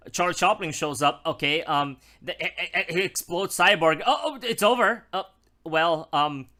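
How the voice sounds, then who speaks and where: A man giving casual commentary as a gaming YouTuber, halting and stammering in a sheepish way. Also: fairly high pitch, sharp tone.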